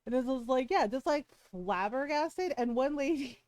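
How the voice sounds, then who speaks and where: Animated, profane woman streamer telling a story. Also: high voice, moderate pace, no echo. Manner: animated, profane, acts out what people said. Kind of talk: casual storytelling to a live stream.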